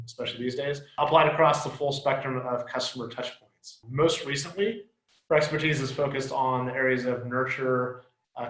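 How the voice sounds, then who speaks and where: A man's voice: medium pitch, a bit bright. Man hosting a podcast in an echoey room. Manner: reads intro then chats loosely, joking. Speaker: podcast host. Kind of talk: casual interview.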